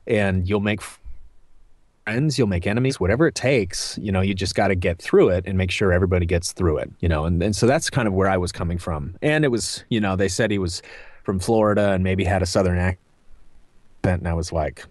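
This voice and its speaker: Low-voiced man musing in an interview. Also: fairly quick, a little mellow, dry recording. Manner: thoughtful, meandering, many fillers and restarts. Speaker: voice actor guest. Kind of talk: casual interview answers.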